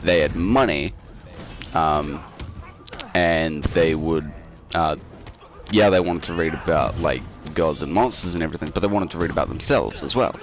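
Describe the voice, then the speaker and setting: A man's voice: a bass voice, moderate pace, soft background music. A man co-hosting a casual online show, talking through a story in a rambling way, full of fillers and restarts, over an online call. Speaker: co-host. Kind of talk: casual podcast chat over a game stream. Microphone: home mic over an online call.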